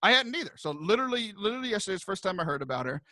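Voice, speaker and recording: Animated man telling a rambling story. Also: sits high, racing, no room sound, studio quality. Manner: animated, rambling with restarts and laughs. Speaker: podcast co-host. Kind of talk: casual storytelling chat.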